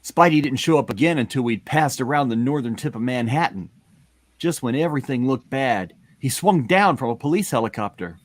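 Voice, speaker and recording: A man's voice: mid-range voice, animated, brisk, no room sound. A man reading a comic aloud, voicing a boastful young hero in a playful manner. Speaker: comic reader. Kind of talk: comic read-along, voicing a character.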